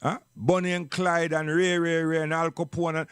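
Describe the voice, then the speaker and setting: High-voiced Jamaican man, emphatic monologue. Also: little pitch movement, normal speed, smooth, dry recording, clean studio sound. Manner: preachy, emphatic, repeats "you understand?". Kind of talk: impassioned spoken monologue.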